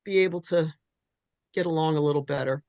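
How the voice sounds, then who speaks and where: A woman's voice: low voice, fairly quick, no echo, muffled recording. Rambling woman in casual discussion. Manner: rambling, animated retelling.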